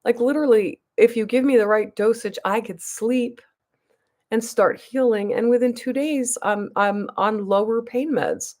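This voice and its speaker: A woman's voice: fairly high pitch, a little slow, darkish tone. A woman vlogger telling a long personal story to her viewers in a rambling, emphatic way, full of restarts and asides. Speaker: beauty vlogger.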